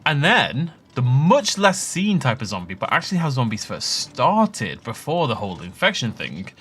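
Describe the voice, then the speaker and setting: Lively, bright-voiced man narrating gameplay. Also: medium pitch, normal speed, husky. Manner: chatty, rambling asides with laughs. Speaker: let's play host. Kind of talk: casual gameplay commentary.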